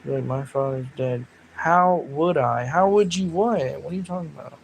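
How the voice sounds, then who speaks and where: A gravelly, slightly higher-pitched man with a drawl holds a casual livestream chat, telling rambling stories and bursting out loudly now and then. Faint noise hums under the recording. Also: fairly quick, rough recording. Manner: rambling, animated storytelling with loud laughing outbursts. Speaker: livestream host.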